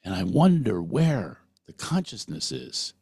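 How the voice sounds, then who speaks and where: A man's voice: fairly low pitch, wildly swooping pitch, measured pace, gravelly, darkish tone, slightly rough, no echo, clean studio sound. A middle-aged man hosting a podcast, talking earnestly through a personal monologue and putting questions straight to the listener. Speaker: podcast host.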